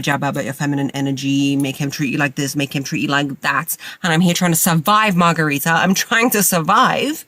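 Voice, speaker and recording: A woman in her thirties with a cold, hosting a podcast from a parked car, talking in a chatty, rambling and self-mocking way. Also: extremely low pitch. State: has a cold. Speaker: podcast host. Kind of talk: casual monologue to listeners. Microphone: makeshift mic setup.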